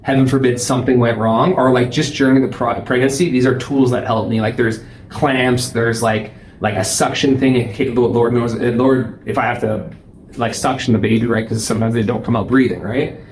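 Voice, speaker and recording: A young adult man, a paramedic guest, telling stories in casual chat, animated, laughing and swearing freely. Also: medium pitch, a little fast, slight background noise. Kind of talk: casual storytelling. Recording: roomy echo.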